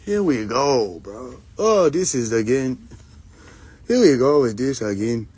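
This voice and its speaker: A man's voice: mid-range voice, animated, measured pace, a little mellow, breathy edge. A man telling comic stories on a live stream, acting out both sides of the dialogue and laughing often. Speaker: livestream host. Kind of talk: casual storytelling on a live stream. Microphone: phone.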